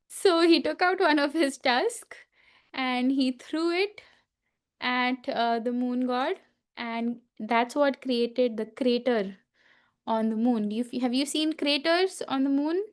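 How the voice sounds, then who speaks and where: A woman teaching a festival class, telling a sacred story slowly with frequent fillers and asides to her listeners. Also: high-pitched.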